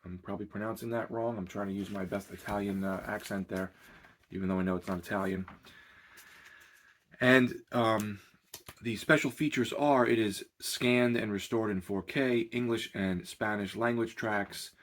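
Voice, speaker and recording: A man with a fairly low voice gives a casual horror movie review as the host of his own channel. He rambles conversationally and leans on fillers as he goes. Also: steady tone, moderate pace, slight background noise. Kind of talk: casual spoken film review.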